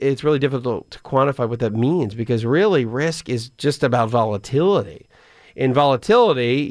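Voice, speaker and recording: A man's voice: medium pitch, no room sound, studio quality. Conversational male radio finance host. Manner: explanatory, conversational, restarts and repeats words. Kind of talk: radio call-in advice show. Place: radio studio. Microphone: studio microphone.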